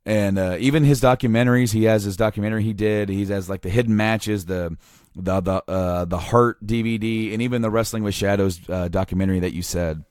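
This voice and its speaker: A man's voice: on the low side, a little fast, no echo, studio quality. A man co-hosting a podcast, telling a long funny story in casual chat, acting out the quotes and using lots of fillers. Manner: animated storyteller, acts out quotes with many fillers. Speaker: podcast co-host.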